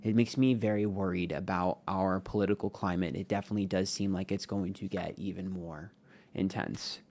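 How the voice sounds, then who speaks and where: A man's voice: deep voice, fairly even intonation, normal speed, darkish tone. A man giving a casual tarot reading on camera. He talks in a frank, rambling way, swearing often and using many fillers. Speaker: tarot reader.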